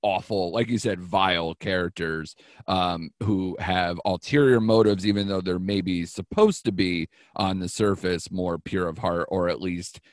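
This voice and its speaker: A man hosting a casual film review chat, digressive, with quick laughing asides. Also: low voice, steady tone, no room sound, studio quality. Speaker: podcast host.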